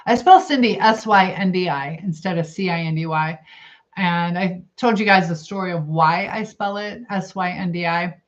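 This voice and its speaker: Speaking at a moderate pace in a lowish voice, this middle-aged livestream host chats casually with her viewers, reading their comments and rambling as she eats. She thinks out loud as she goes, and the lo-fi stream sound is dull.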